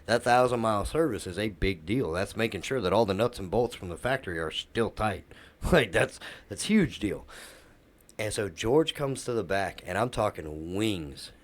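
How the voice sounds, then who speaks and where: A man's voice: fairly low pitch, lively intonation, normal speed. A middle-aged man, a podcast co-host, telling a workplace story in casual chat and acting out the quoted dialogue.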